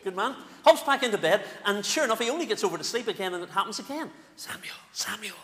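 A male minister with a Northern Irish accent, giving an animated, playful children's talk in a church service. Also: high-pitched, very fast. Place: church sanctuary. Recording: echoey church with faint room noise.

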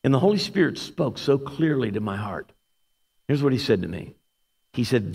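A man preaching a sermon as a guest speaker, telling a story with lively animation. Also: mid-range voice, brisk, vocal fry, breathy edge. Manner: animated storyteller, shouts when acting out quotes. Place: church sanctuary. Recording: long hall reverb.

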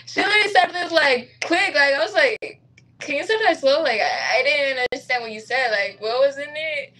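A young woman as a guest in a casual podcast chat, relaxed and giggly, packing her speech with "like". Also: high voice, normal speed.

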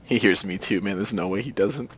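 A young man giving tense live commentary on a shooter game, dropping to whispers and breaking into panicked yells. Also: on the low side, brisk, a little hiss or hum. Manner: jumpy, swings from whispers to panicked yelling. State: out of breath. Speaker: gaming commentator.

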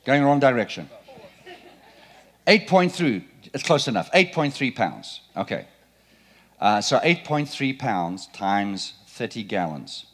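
A middle-aged man preaching a sermon in a church, playful and animated, quizzing the congregation. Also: mid-range voice, slow pace, breathy edge. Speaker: pastor. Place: church sanctuary.

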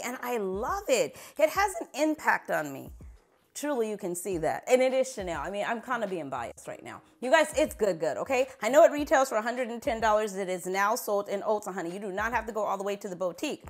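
A woman's voice: on the high side, big pitch swings, fairly quick. A woman vlogger chatting casually to camera, sassy and playful, laughing at herself as she talks. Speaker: beauty vlogger.

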